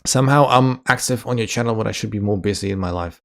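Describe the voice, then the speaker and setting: A man's voice: fairly low pitch, fast talker, gravelly. A man casually chatting on a live stream, reading viewer comments aloud, joking and laughing often. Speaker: chess streamer.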